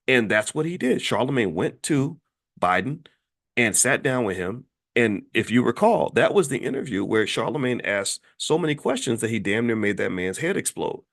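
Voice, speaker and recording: A man's voice: on the low side, animated, fairly quick, vocal fry. A middle-aged man delivering an emphatic opinion monologue as a commentator, with his voice climbing sharply when he mocks others.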